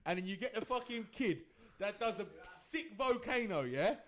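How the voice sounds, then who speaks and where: A man's voice: sits high, expressive, normal speed, fairly bright tone. A young man co-hosting a podcast, teasing his friend in sweary, casual banter. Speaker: podcast co-host. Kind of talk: casual chat.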